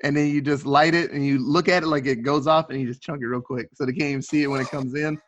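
A man quickly and excitedly explaining a prank in casual chat, swearing as he goes. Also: fairly high pitch, dry recording, lo-fi sound.

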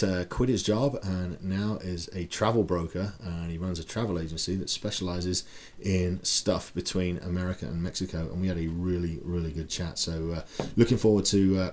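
A man's voice: low-pitched, darkish tone. Profane, pep-talking male podcast host. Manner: blunt, profane, pep-talk delivery with many rhetorical questions. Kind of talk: casual motivational monologue.

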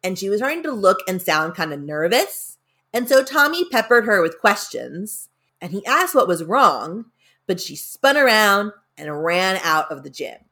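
A woman's voice: medium pitch, big pitch swings, normal speed, sharp tone. A woman narrating a spooky story in a casual, conversational way, shifting tenses and leaning into the dramatic moments.

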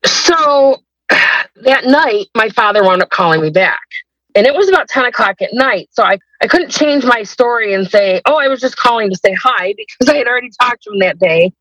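A woman's voice: fairly high pitch, animated, quick pace, a bit bright, no echo, poor audio. A woman telling her personal story as a guest in a podcast interview, hesitant and rambling, with many restarts.

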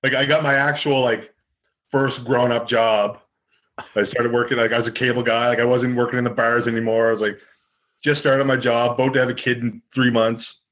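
A young man from Canada, a guest in an interview, telling stories in a relaxed, rambling way full of fillers. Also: medium pitch, normal speed. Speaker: guest, former hockey fighter. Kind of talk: casual storytelling interview.

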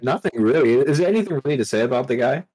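A man co-hosting a podcast, giving his views in a relaxed way and stammering as he explains. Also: medium pitch, rapid-fire, husky, no room sound. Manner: easygoing, stammers when explaining. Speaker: podcast co-host. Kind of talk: casual podcast discussion.

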